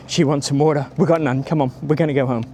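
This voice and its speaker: A man's voice: fairly high pitch, fairly even intonation, a little fast, darkish tone, a little hiss or hum. Chatty man vlogging on a walk. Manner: chatty and rambling, greets passers-by. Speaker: travel vlogger. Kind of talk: casual walking tour vlog. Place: outdoors by a city stadium, walking.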